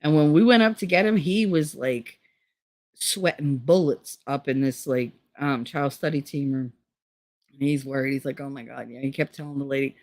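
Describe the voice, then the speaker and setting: A woman's voice: very deep voice, moderate pace, a little mellow, dry recording. A middle-aged woman from Hoboken, telling stories in blunt, profane casual chat on her channel. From Hoboken, New Jersey. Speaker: channel host.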